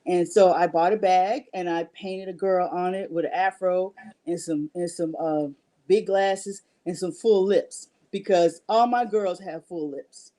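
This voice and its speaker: A woman's voice: lowish voice, fairly even intonation, unhurried, mellow. A middle-aged woman casually presenting and pricing her artwork on a livestream, chatty and rambling. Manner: chatty and rambling, with frequent restarts. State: out of breath. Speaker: artist selling her work on a livestream. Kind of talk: casual livestream sales talk.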